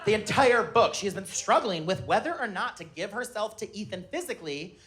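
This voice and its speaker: A man in his thirties doing a high-energy stand-up comedy set on a live stage, shouting his punchlines. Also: lively intonation, fairly quick. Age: 30s. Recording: live room with audience laughter.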